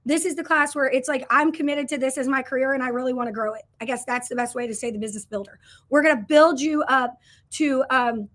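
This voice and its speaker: A woman in her thirties pitches her coaching program on a casual livestream. Her voice sits high, and she talks in an earnest, chatty way, full of fillers and restarts. She breaks off to greet viewers and answer their comments. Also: steady tone, fast talker, a bit bright. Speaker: business coach hosting a livestream.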